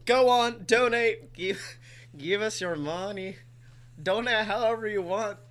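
A man's voice: high voice, unhurried, fairly bright tone. A man co-hosting a comedy podcast, bantering casually and slipping into silly made-up voices with frequent laughter. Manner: jumps into silly put-on voices and laughs often. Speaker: podcast co-host.

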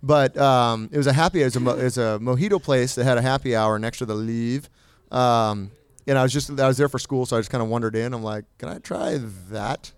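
A young man co-hosts a casual podcast in a smooth, resonant voice that sounds dry and close to the mic. He rambles playfully through his stories and fills them with likes and ums. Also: mid-range voice, steady tone, fast talker, no echo. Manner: playful, rambling storyteller with lots of fillers. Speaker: podcast co-host. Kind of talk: casual chat.

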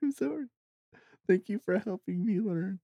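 A man's voice: high-pitched, animated, moderate pace, gravelly, dark tone, no room sound, studio quality. A man co-hosting a casual book podcast, laughing often and talking with many fillers and self-deprecating asides. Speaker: podcast co-host. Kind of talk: casual chat about a book.

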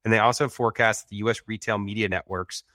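A man's voice: fairly low pitch, fairly even intonation, quick pace, sharp tone, no echo. A man co-hosting a podcast, explaining terms with a dry joking manner. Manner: dry jokey delivery. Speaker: podcast co-host. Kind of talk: scripted casual podcast banter.

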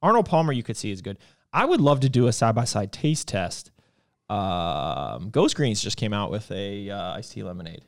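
A man's voice: fairly low pitch, very animated, gravelly. Casual man talking supplement launches. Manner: loose, joking, quick asides. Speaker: host. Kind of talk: casual product-launch chat.

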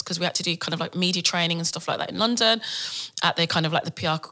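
Woman, thirties, guest storyteller with a bright, fairly low voice. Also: rapid-fire. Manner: animated storytelling with laughs and acted quotes. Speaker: podcast guest, entrepreneur. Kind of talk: casual interview talk.

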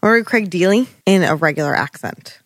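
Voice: medium pitch, animated, fairly quick, no echo. A podcast co-host with a mid-range voice talks in loose, casual chat. The delivery is teasing and full of sarcastic asides. The recording is dry and close-miked.

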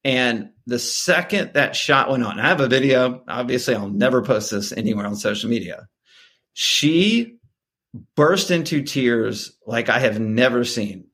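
A middle-aged man, a guest on a podcast, telling a family story in casual talk and acting out the voices in it. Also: measured pace. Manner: animated, acts out dialogue with sharp pitch jumps.

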